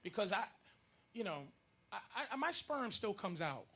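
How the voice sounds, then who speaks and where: A man's voice: sits high, very animated, normal speed, sharp tone, husky. A man in his thirties doing crude, rambling stand-up comedy in a noisy live room. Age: 30s.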